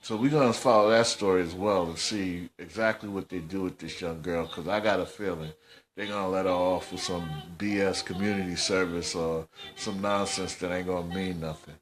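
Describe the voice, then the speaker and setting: A man's voice: sits low, steady tone, normal speed. A man hosting a casual commentary podcast, scolding in slangy, repetitive talk. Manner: scolding, slangy, repeats himself. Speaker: host.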